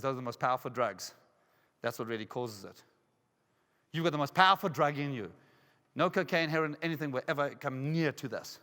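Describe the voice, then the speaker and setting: A man's voice: a little high, fairly bright tone. Emphatic man in a hall. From South Africa. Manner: emphatic, with repeated rhetorical questions. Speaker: keynote speaker. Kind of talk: motivational conference speech. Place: large casino conference hall. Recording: reverberant hall.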